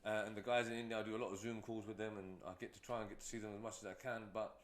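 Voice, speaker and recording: A man's voice: fairly low pitch, level tone, racing, reverberant. A man who is a guest entrepreneur, telling stories in a casual, rambling way with many fillers. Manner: rambling, storytelling, frequent fillers. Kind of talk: casual interview talk.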